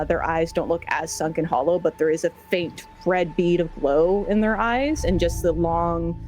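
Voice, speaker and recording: A woman with a slightly low voice describes her character in a tabletop game, loose and casual, peppering her sentences with "like". Faint music sits underneath. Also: darkish tone, rough recording. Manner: casual, many "like"s, laughs easily. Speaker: player.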